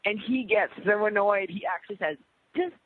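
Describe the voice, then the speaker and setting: A woman co-host talks quickly and eagerly, restarting and trailing her sentences. Her voice is a little breathy. It sounds dry and narrow, like a phone line. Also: medium pitch, fairly even intonation, dry recording. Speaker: radio show co-host. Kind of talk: casual radio chat.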